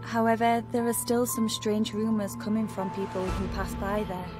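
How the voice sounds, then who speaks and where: This is a young woman in a horror game, searching for a friend who vanished, voiced by an actress. She speaks in a flat, even tone, calm and unhurried. Game music plays under her voice. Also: mid-range voice, close to an everyday voice. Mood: uneasy. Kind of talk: game character narration.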